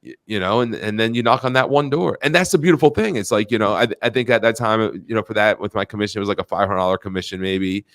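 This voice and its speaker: A man's voice: fairly low pitch, fast, few pauses. A man guest on a podcast, telling sales stories in casual chat and acting out quoted lines in a raised voice. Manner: animated, acts out quotes in a raised voice; frequent fillers and restarts. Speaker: podcast guest, insurance agent.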